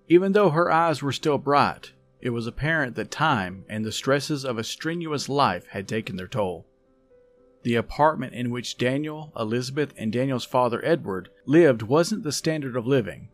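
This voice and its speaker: Calm male storyteller host. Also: mid-range voice. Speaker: podcast host and story reader. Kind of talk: scripted story narration.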